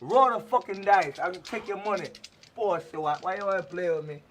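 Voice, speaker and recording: A man's voice: sits high, brisk, fairly bright tone. A man playing a brash, hot-tempered dice gambler in an indie film scene, taunting and cursing in a put-on Jamaican accent. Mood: heated.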